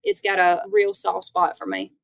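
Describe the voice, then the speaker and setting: A young woman from Northeast Louisiana with a Southern accent, chatting as an interview guest and telling stories in a lively way. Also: medium pitch, moderate pace, gravelly, no echo. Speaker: guest, country singer. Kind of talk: casual interview chat.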